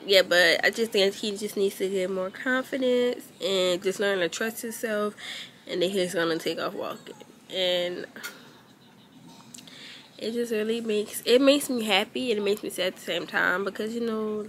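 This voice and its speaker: A woman's voice: medium pitch, normal speed, fairly bright tone, a little hiss or hum. A young woman, vlogging casually as a mother, rambling and emotional with many fillers. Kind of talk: casual vlog talk.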